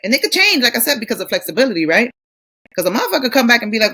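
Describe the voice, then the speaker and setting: Middle-aged woman co-host, brash and profane, lively storyteller, casual banter. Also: on the high side, fast, breathy edge. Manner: blunt, profane, animated storytelling. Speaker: podcast co-host. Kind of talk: casual chat.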